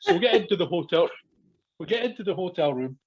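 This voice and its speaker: A man's voice: sits high, expressive, fast talker, husky. A man, a podcast guest telling a story in casual chat, swearing a lot, laughing and acting out what people said. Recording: dull lo-fi podcast audio.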